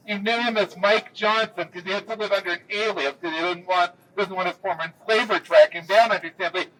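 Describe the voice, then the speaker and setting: A man giving a historical walking tour, telling the story with lively pacing and dry jokes. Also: high-pitched. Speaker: tour guide. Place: outdoors in a city square. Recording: distant camera mic, faint street noise.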